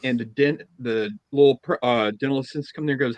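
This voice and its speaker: A man co-hosting a podcast, telling a funny anecdote in a casual, lively way. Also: medium pitch, fast talker, few pauses, dry recording, poor audio. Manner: animated anecdote-teller, chuckling through his story. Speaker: podcast co-host. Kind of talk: casual chat, storytelling.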